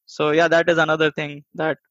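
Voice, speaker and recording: Podcast co-host, man from India, wry, gravelly, a bit higher voice. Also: completely flat delivery, brisk, fairly bright tone, no room sound, highs cut off. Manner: wry, laughs while talking. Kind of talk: casual chat.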